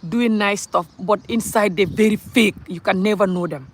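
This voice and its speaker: A woman's voice: medium pitch, moderate pace, gravelly, few pauses, slight background noise. Blunt Gambian woman ranting to camera. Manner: blunt, emphatic, repetitive, breaks into laughter. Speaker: vlogger. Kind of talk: ranting vlog monologue.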